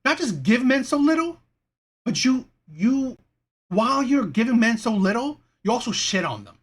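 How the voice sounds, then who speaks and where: Woman commentary host, emphatic and indignant, high-ish voice with big swings. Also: breathy edge. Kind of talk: reaction commentary.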